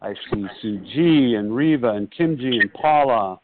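A man's voice: medium pitch, moderate pace, background noise. A man chairing a recovery meeting, calling out names in a casual, slightly apologetic way. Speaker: meeting leader. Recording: phone line.

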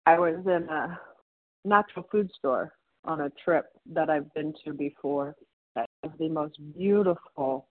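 A woman sharing her story at a support meeting over the phone, in a halting way with many restarts and pauses. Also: deep voice, no room sound. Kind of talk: personal share at a support meeting. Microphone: phone call. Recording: tinny dry phone line.

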